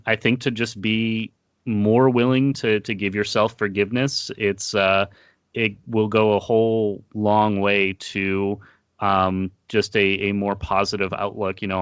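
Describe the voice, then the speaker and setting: A man hosting an interview, talking earnestly in a casual, halting way with many fillers and restarts. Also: on the low side, fairly bright tone, clear, resonant tone, no echo, muffled recording. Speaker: podcast host.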